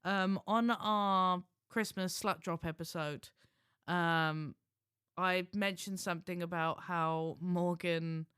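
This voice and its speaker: A man's voice: high-pitched, steady tone, takes it slowly, pushed and bright, clean tone, no echo. Rambling man, dry close sound. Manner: rambling, self-mocking, restarts and laughs. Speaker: podcast co-host. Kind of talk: casual chat.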